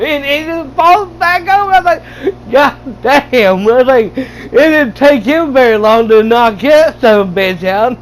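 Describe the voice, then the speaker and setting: A man casually retelling a movie, excited and laughing, with lots of stumbling restarts and swearing. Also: very high voice, slight background noise, low-quality recording. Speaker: gaming channel host reviewing a movie. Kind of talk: casual rambling movie recap.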